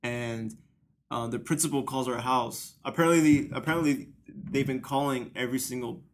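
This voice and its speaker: A man's voice: mid-range voice, steady tone, moderate pace. A young man co-hosting a podcast, telling stories bluntly with plenty of swearing, "dude" and "bro". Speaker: podcast co-host. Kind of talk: casual storytelling chat.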